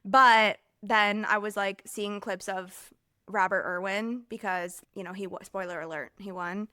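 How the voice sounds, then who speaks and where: A woman's voice: medium pitch, expressive, normal speed, sharp tone, dry recording. A young American woman talks her way through a casual solo podcast episode, rambling with plenty of filler words and restarts. She sounds overheated and a little scattered. The recording is close and dry, with no room sound. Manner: rambling and chatty, heavy filler use, self-interrupting. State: overheated, distracted. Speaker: podcast host.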